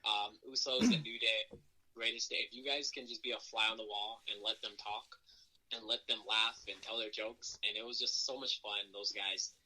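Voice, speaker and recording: A man, a professional wrestler as interview guest, telling backstage stories in a casual, lively way and acting out what others said. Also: fairly low pitch, moderate pace, poor audio. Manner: lively storyteller who acts out quoted voices.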